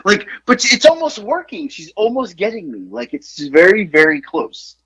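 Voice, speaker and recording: Animated rambling man telling a story. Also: high-pitched, normal speed, rough recording. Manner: animated, rambling, lots of "like" and restarts, laughs at his own story. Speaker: podcast co-host telling a story. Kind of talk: casual storytelling chat.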